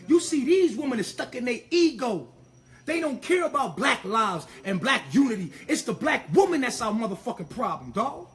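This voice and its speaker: A man's voice: very high-pitched, big pitch swings, normal speed, fairly bright tone. A man delivering an impassioned, profane monologue, emphatic and ranting, tripping over repeated words as he pushes his point.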